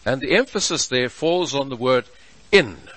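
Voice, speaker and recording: A man preaching a sermon as pastor, measured and emphatic, stretching out his key words. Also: medium pitch, lively intonation, fairly bright tone, no room sound, rough recording. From South Africa.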